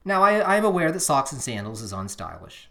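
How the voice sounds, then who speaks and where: Podcast co-host, casual and rambling, earnest, mid-pitched, drifts off mic. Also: very animated, fairly quick, vocal fry, fairly bright tone. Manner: rambling, self-interrupting, earnest. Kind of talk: casual chat. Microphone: drifting off the microphone at times.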